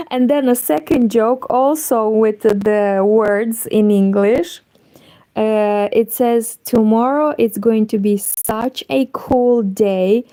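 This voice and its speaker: Lady chatting on a crochet stream, slow and mellow, bit of a high voice. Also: low-quality recording. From Moldova. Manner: chatty, greets viewers while crocheting. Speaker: crochet livestream host. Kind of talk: casual livestream chat.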